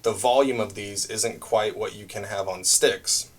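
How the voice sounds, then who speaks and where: A man teaching a brush drumming lesson, explaining patterns step by step in a relaxed way with frequent fillers. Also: on the low side, unhurried. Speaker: music teacher. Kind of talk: drum lesson demonstration.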